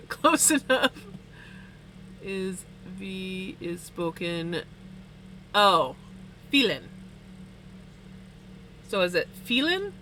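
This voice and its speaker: Woman, streamer, slow and bright, laughs a lot between words; easygoing live chat. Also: mid-range voice, big pitch swings, a little hiss or hum, low-quality recording. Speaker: livestreamer. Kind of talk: casual chat with viewers while spinning wool. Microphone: streaming setup.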